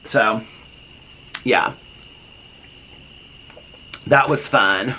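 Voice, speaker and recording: A man's voice: lowish voice, drawn-out words, a crowd in the background. A man telling a long casual story on his vlog, chatty and full of asides, on a front porch. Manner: animated, chatty, lots of fillers and asides. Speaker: vlogger.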